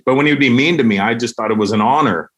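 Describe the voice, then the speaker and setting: A middle-aged man tells anecdotes in a loose, animated way, breaking into laughs as he talks. His pitch sits in a typical middle register. The delivery is conversational podcast storytelling. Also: very fast, slightly rough, highs cut off. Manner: animated, acts out other people's voices with laughs. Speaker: guest comedian.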